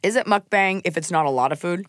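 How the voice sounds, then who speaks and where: A woman's voice: lowish voice, fast, no room sound. A woman comedian hosting a podcast, chatting and joking while snacking at the microphone. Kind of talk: casual podcast chat. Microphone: studio microphone.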